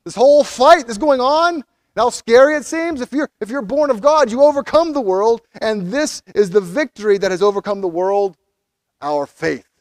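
A pastor preaching a sermon, animated, acting out quoted figures as he goes. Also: extremely high pitch, normal speed, no echo.

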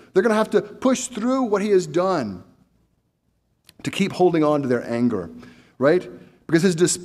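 A man's voice: a little high, darkish tone, long reverb tail. A male pastor preaching a sermon in a conversational way, full of rhetorical questions and restarts.

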